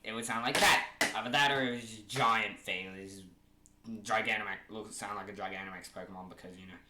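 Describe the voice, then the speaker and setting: A man from Oceania chatting casually to his camera at home, rambling and joking and often correcting himself as he pitches a fan creature idea. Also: steady tone, brisk. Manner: rambling, jokey, self-correcting. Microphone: camera mic. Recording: echoey room with faint hiss.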